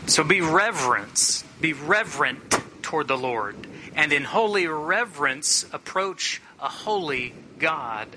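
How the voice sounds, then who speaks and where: A middle-aged male pastor preaching a sermon in an earnest, plainspoken way, slowing down to stress key phrases. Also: a little high, expressive, noisy background.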